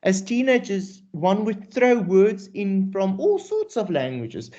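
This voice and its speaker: Lively South African male teacher. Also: high-pitched, takes it slowly. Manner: animated, mixes English and Afrikaans, rhetorical questions. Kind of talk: classroom poetry lesson. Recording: dull lo-fi recording.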